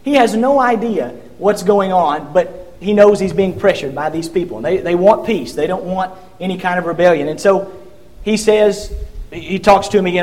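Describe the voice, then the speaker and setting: A man's voice: high voice, normal speed, darkish tone. A man preaching a sermon, retelling scripture in vivid storytelling with frequent restarts and acting out the quoted figures.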